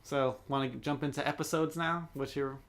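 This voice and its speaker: A man's voice: fairly high pitch, fairly even intonation, moderate pace, fairly bright tone. Easygoing man in casual podcast chat. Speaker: podcast co-host.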